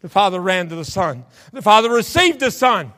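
A man's voice: high voice, animated, moderate pace, bright, forceful tone. A male pastor preaching a fervent sermon in a church, calling on the congregation to answer back. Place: church sanctuary. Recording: echoey church sanctuary.

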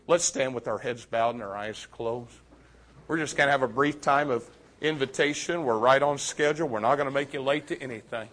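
A man preaching a sermon, telling a story and swinging from loud to hushed. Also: medium pitch, moderate pace.

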